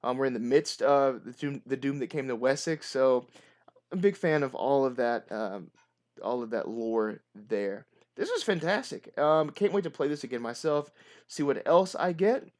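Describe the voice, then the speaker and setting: A man plays through a solo tabletop horror adventure, reading the story aloud and calling out his dice rolls. Afterwards he turns chatty and upbeat, filling pauses with little ums. His voice sits in an ordinary middle pitch. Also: a little mellow. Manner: upbeat, chatty, with frequent fillers. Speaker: game master narrating a solo adventure. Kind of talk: narrating a solo tabletop game.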